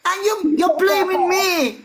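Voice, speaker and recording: A woman on a phone call in a live-stream, speaking in a put-on Irish accent and loudly protesting and pleading. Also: very high-pitched, steady tone, a little slow, slight background noise. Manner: loud protesting denials, pleading.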